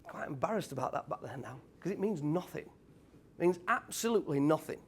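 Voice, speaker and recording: A British man in his thirties, a former tradesman giving an energetic motivational talk to a live audience and quizzing the crowd. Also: a little high, brisk, breathy edge. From United Kingdom. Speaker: speaker at a property event.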